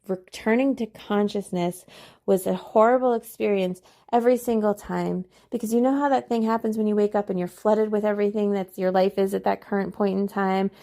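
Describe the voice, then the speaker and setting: Earnest woman with a mellow voice. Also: mid-range voice. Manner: earnest, confiding, repeats phrases for emphasis. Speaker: podcast host. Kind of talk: personal reflective monologue.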